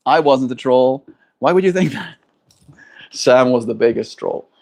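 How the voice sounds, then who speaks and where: A man with a medium-pitched voice hosts his daily livestream at normal speed. He chats casually in a laid-back, upbeat way, warmly greeting viewers by name.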